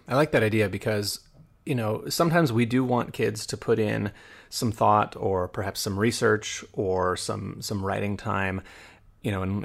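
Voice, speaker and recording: A man hosting an education podcast, asking questions and thinking aloud in a relaxed way. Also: fairly low pitch, gravelly. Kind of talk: conversational podcast interview.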